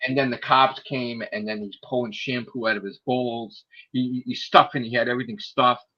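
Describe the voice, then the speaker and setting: A man telling a story in casual chat, swearing a lot and acting out the people in it, sometimes shouting. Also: medium pitch, fairly quick, highs cut off. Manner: animated, profane, acts out quoted people in raised shouting voices.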